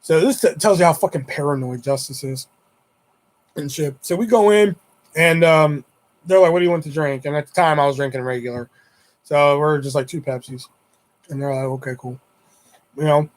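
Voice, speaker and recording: A man tells a winding personal story straight to his viewers, swearing freely as he goes. He acts out his friends' lines in the middle of telling it. His voice sits a little high for a man. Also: normal speed, pauses often. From Houston area. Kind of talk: casual storytelling.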